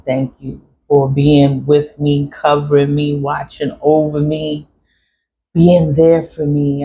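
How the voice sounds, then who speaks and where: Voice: medium pitch, mellow. Emphatic rambling vlogger, dull lo-fi sound. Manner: emphatic, repeats herself, swears freely. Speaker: spiritual vlogger. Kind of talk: casual rambling monologue. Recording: dull lo-fi recording, faint noise.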